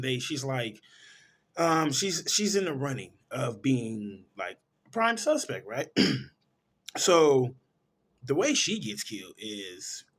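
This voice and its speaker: A man with a husky, slightly breathy voice talks through a movie's plot for his review. He tells it casually and with a lot of energy, often stopping to correct himself. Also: mid-range voice. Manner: animated storytelling, correcting himself mid-sentence. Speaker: film reviewer.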